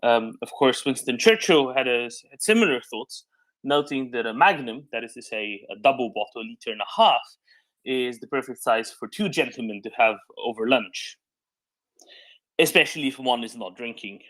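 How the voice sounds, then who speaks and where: A man's voice: medium pitch, expressive, normal speed, fairly bright tone, low-quality recording. A man in casual panel banter, dry and wry, with a mock-formal turn of phrase.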